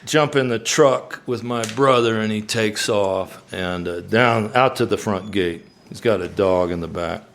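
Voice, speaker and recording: A singer-songwriter on a live stage, spinning a story with lively energy and slipping into the voices of its people. His voice sits low with a gravelly rasp. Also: a little slow, hardly any pauses, a little hiss or hum. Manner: animated storyteller, acts out quoted voices.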